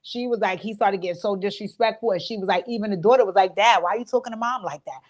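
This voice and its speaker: Woman, chatty recap host, informal, lots of fillers, mid pitch. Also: fast talker. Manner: chatty storytelling, relays what others said; informal speech with many fillers. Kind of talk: casual recap commentary.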